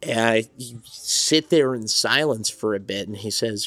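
This New Jersey songwriter and studio owner, appearing as an interview guest, reflects on his story in a loose, rambling manner during a casual conversation. His voice is on the low side and a touch bright, his pace a little slow. There's no echo, just faint music behind him.

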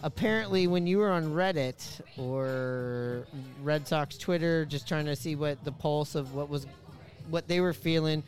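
A man's voice: a little high, unhurried. A man hosting a casual sports podcast, joking around and swearing freely. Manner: excitable, swears freely, jokey. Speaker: podcast host. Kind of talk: casual chat.

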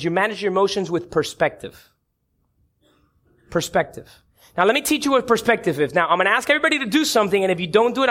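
A man preaching a sermon to a congregation in an animated way, asking the room questions and acting out quoted voices. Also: sits high. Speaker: pastor.

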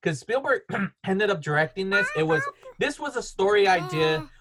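A man's voice: sits high, expressive. A man hosting a casual podcast chat at home, rambling through film trivia and laughing often. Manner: rambling, storytelling with quick laughs. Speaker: podcast host.

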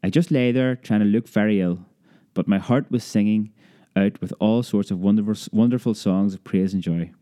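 A man reading a childhood memoir aloud as an audiobook, lively storytelling that raises his pitch for a child's cries. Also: moderate pace. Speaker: narrator.

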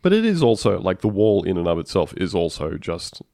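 A man co-hosting a casual political chat, animated and sarcastic, acting out quotes as he goes. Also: low voice, brisk, creaky, no echo, studio quality.

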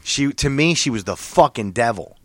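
A man telling a long, profane driving story in casual chat, quoting other drivers in a louder, higher voice. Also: expressive, moderate pace. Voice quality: gets loud and high when quoting other drivers.

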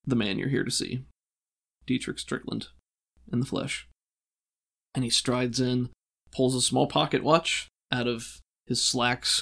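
A man working as game master, narrating a tabletop role-playing game in a relaxed, descriptive way with frequent fillers. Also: medium pitch, gravelly.

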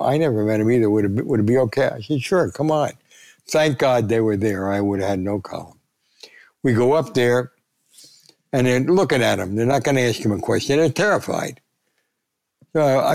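A man's voice: medium pitch, a little fast, darkish tone. An older man, a retired sports columnist, telling anecdotes as a guest and acting out the voices he quotes. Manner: gravelly, acts out quoted voices.

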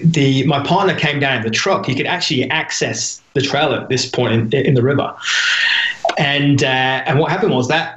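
A man's voice: mid-range voice, fairly bright tone, highs cut off. British man telling a story loosely. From Britain. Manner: rambling, repeats words, laughs often. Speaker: podcast guest, ultrarunner. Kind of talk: casual storytelling.

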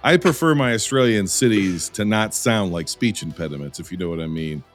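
A man's voice: on the low side, animated, a little fast, soft background music. An American man hosting a podcast, chatting casually and teasing his guest with a jokey, giggly manner. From United States. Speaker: podcast host.

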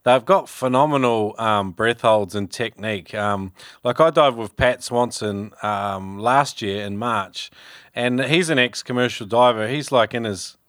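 A man's voice: mid-range voice, unhurried, fairly bright tone, dry recording, clean studio sound. A man hosting a casual interview, jokey and rambling as he asks questions. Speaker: podcast host.

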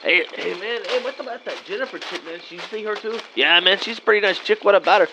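A man's voice: sits high, quick pace. A man in his thirties doing an improvised comedy sketch in a laid-back slacker drawl, always saying "man" and "vato". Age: 30s. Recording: dull lo-fi audio with faint night noise.

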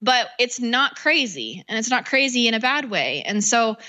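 Woman, coach, casual interview guest; animated, chatty, acts out quotes. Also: fairly high pitch, moderate pace. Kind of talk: podcast interview.

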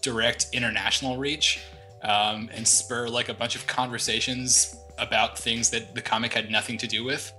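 A man being interviewed as a cartoonist guest, answering in a relaxed, easygoing way with many fillers. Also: medium pitch, normal speed, faint music behind.

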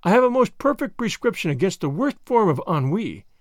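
A man reading an audiobook, voicing a sly, sarcastic French agent who speaks quietly with mock gallantry. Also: sits high, very animated, brisk, no echo, studio quality. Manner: quiet, smooth, mockingly gallant. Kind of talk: audiobook character voice.

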